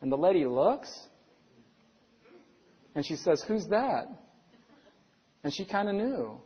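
Middle-aged man, pastor, earnest sermon, rhetorical questions, high voice, muffled lo-fi recording. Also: very animated, measured pace, slightly rough. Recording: dull lo-fi sound with long hall reverb.

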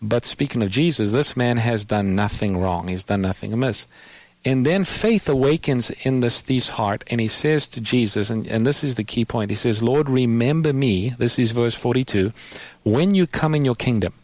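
A man hosts a call-in Bible program, walking a caller through scripture step by step. His voice sits at an ordinary pitch and reaches the listener dry and close, with no room around it. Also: animated, normal speed, a little mellow, no room sound. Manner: patient, explanatory, quotes scripture. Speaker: radio Bible program host. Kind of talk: call-in radio Bible answers.

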